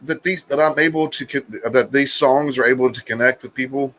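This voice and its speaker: A man's voice: medium pitch, fairly even intonation, fairly quick, a bit bright. Stammering joking man on a live stream. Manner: stammering, repeats words, joking and crude. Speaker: co-host of a live music chat stream. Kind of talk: casual banter.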